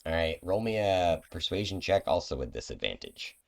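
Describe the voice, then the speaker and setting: A man's voice: sits low, sing-song, moderate pace, very noisy. A man narrating as game master of a tabletop game, loose and full of fillers.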